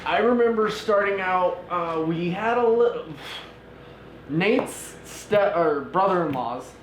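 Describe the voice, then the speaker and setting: A married man tells a rambling story on a casual podcast, full of fillers and laughs at himself. His voice sits a little high. The room echoes, with a faint hiss underneath. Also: lively intonation, slow. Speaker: podcast co-host. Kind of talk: casual chat.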